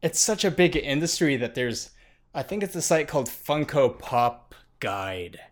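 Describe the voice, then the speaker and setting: Brief: young male podcast co-host, unhurried delivery, dry and deadpan, a bit wry. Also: mid-range voice. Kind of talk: casual chat.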